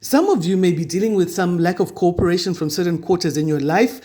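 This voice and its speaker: A man's voice: high-pitched, brisk, darkish tone. A man giving a weekly tarot reading to camera, chatty and reassuring as he passes on spiritual guidance. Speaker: tarot reader.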